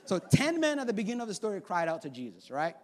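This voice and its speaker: A man of around forty preaching a sermon in a church, animated and acting out the voices of people in the story. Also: sits high, quick pace. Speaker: pastor. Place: church sanctuary.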